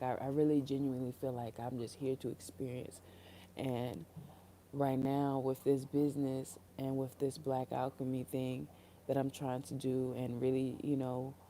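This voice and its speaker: A woman's voice: very deep voice, mellow, slight background noise. A young woman talking alone to the camera on a livestream, earnest and reflective, rambling with fillers and restarts and fighting back tears. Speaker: creator on a solo livestream. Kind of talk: candid solo livestream talk. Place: room, alone.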